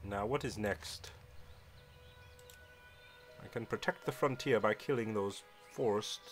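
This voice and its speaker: A man's voice: fairly low pitch, close to an everyday voice. A man voicing a pompous, zealous paladin who hates monsters, speaking in formal old-fashioned phrases as he plays a game. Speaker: game player role-playing his character. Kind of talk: in-character role-play over gameplay.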